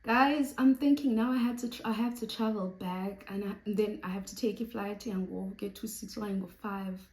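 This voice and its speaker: A young South African woman telling a story to camera in a lively storytime vlog, slipping between Xhosa and English. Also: medium pitch, normal speed, reverberant, rough recording. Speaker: YouTuber.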